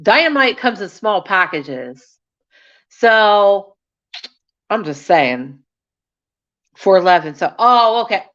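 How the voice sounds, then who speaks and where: A woman's voice: medium pitch, very animated, slow pace, long pauses, a bit bright. Chatty, scattered woman streamer. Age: young adult. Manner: scattered, chatty, frank, laughs often. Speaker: YouTube channel host. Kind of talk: casual live-stream chat with viewers. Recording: dull lo-fi sound.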